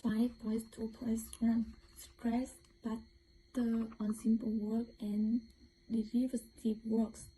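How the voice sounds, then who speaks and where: A young woman with a Vietnamese accent presents a lesson as a student, reading slowly and carefully, now and then stumbling and starting over. Her voice is dark and mellow and sits a little high, with a flat, even melody. A faint hiss of background noise runs under the recording. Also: low-quality recording. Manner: careful, halting reading with restarts.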